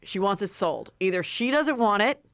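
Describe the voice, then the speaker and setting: A woman host of a chat podcast, talking in a lively, gossipy way and slipping into voices as she quotes people. Her voice sits at an ordinary middle pitch. The mic is close and dry, with no room sound. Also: normal speed, dry recording. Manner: chatty, animated, acts out quotes in put-on voices.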